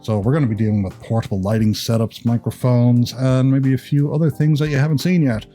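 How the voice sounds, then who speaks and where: A man's voice: medium pitch, steady tone, a little fast, dark tone, soft background music. A man from Ireland whose Irish accent has been partly Americanized, giving creator tips in a chatty, rambling vlog with self-deprecating jokes. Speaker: YouTube creator. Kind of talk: casual advice vlog.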